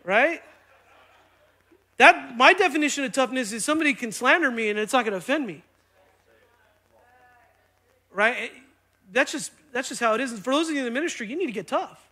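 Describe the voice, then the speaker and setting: A man preaching a sermon in church, energetic and conversational, often checking in with the congregation. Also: extremely high pitch, quick pace. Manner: energetic, conversational, keeps asking "right?". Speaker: pastor. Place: church sanctuary.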